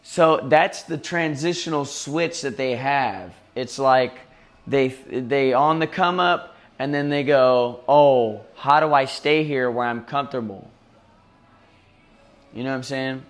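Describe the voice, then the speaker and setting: A man's voice: medium pitch, slow pace. A man streaming live, ranting casually and profanely, often mimicking others in mocking voices. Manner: profane, heated venting.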